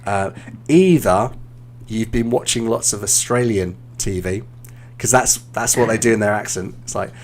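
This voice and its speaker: A man with a British accent, an English teacher hosting a live stream, giving relaxed, encouraging speaking feedback with frequent "um" fillers. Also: on the low side, moderate pace. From Britain.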